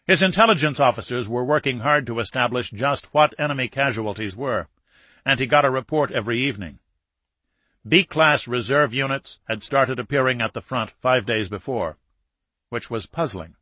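Male audiobook narrator, steady and measured, bright and forceful, close and dry. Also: medium pitch, no echo. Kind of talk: scripted narration.

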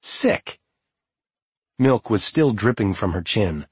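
A man giving a calm, measured audiobook narration of a novel. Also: on the low side, husky, no echo.

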